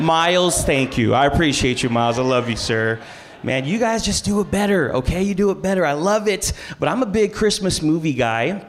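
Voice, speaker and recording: High-voiced pastor hyping a crowd. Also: male voice, brisk. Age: 30s. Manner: lively, playful crowd work with call-and-response. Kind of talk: family church service sermon. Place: large church auditorium.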